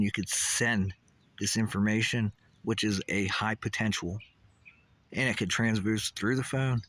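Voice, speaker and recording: A man's voice: fairly low pitch, a bit bright. A man delivering a rambling, intense monologue as a vlogger, swearing often and repeating questions.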